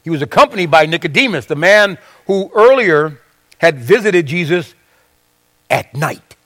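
A man's voice: a little high, sing-song, normal speed, fairly bright tone. A man preaching a sermon in a conversational way, reading scripture aloud and asking his listeners questions.

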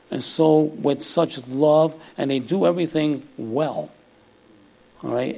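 A man preaching a sermon with a gravelly edge to his voice. He talks in a loose, conversational way, often pausing to ask his listeners "all right?" His pitch sits in an ordinary middle range for a man, neither high nor low. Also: darkish tone.

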